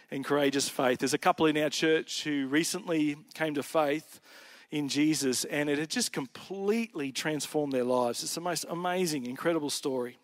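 A man's voice: a little high, no echo. A male pastor delivering a sermon, telling a story earnestly, his voice swelling and dropping.

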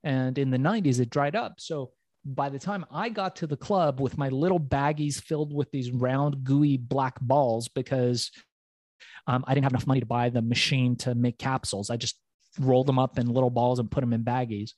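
Man, middle-aged, podcast guest, animated storytelling, swears, acts out quotes, mid pitch, dry close sound. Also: moderate pace, no room sound.

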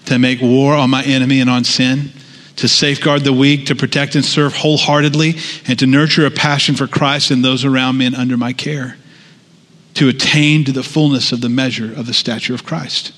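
A man's voice: medium pitch, level tone, fairly quick, fairly bright tone. A man preaching a sermon in a conversational way, with asides and restarts. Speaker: pastor. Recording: long hall reverb.

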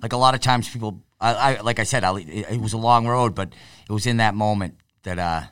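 A man's voice: lowish voice, a little fast, a bit bright, clean tone, no room sound, clean studio sound. A man hosting a casual chat, speaking reflectively and trailing off as he thinks.

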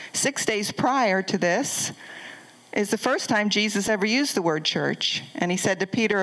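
A woman's voice: mid-range voice, rough recording. An older woman pastor preaching a conversational sermon, asking the congregation questions as she goes.

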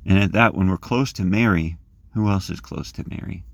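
A man leading a guided scripture meditation, gently inviting listeners to imagine the scene and rising in pitch as he reads the verses. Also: a little fast, no echo. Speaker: prayer leader.

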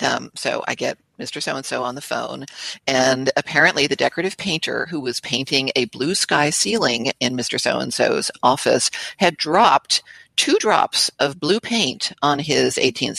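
An older woman recounting her career as an interview guest, in a lively, anecdotal way with quoted voices. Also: a bass voice, creaky, slightly rough, dry recording. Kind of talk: storytelling in conversation.

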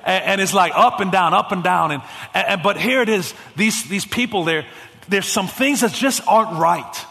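A man preaching as a guest pastor, casual with slang, swinging between loud fervent calls and hushed storytelling. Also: high voice, moderate pace, gravelly. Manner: casual, youthful slang and repetitions. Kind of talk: sermon. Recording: long hall reverb.

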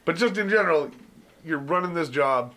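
A young man hosts a casual podcast chat with friends, loose and joking, swearing freely. His voice sits a little high and sounds bright and forward. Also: animated, normal speed. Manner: laid-back, swears a lot, laughs often. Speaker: podcast host.

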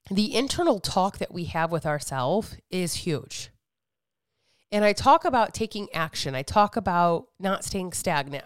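Candid, smooth-voiced woman podcaster. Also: fairly low pitch, normal speed, no echo, studio quality. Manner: candid, animated storytelling with frequent swearing and acted-out quotes. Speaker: fitness coach and podcast host. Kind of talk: casual monologue podcast.

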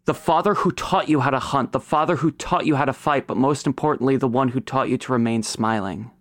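Acting as game master for a tabletop session, a man with a medium-pitched voice narrates the scene a little fast. His storytelling is dramatic, sometimes dropping to a whisper, and the recording is clean studio sound with no echo.

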